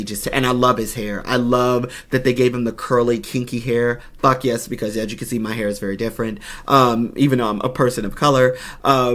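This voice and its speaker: A man giving an excited, gushing reaction commentary on a game trailer as a YouTuber. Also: medium pitch. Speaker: gaming YouTuber.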